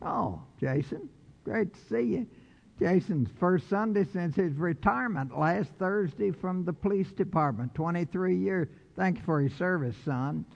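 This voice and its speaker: A male pastor delivers a sermon in a high, unhurried voice, leaning into his key words with a folksy touch. The recording is dull and lo-fi, with a long reverb from the church sanctuary. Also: expressive, creaky. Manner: folksy, slows down for emphasis.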